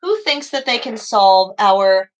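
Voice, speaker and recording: Slow-speaking encouraging woman teacher. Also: mid-range voice, expressive, dull audio. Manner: encouraging, slow and deliberate with children. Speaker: second grade teacher. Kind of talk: live-streamed online class.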